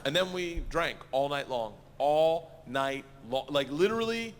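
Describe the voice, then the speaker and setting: Animated middle-aged comedian, stage echo. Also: male voice, on the high side, a little slow. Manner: loud animated storytelling with laughing asides. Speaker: stand-up comedian. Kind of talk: stand-up storytelling.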